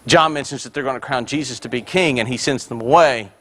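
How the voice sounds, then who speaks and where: A male pastor preaches an energetic sermon, growing loud on key points and slipping joking asides to the congregation. He talks fast, in a mid-range voice.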